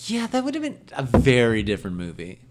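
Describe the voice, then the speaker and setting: A man's voice: mid-range voice, huge pitch swings, a little fast, noisy background. A man co-hosting a podcast, chatting casually with a wry, playful manner. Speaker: podcast co-host. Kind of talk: casual chat.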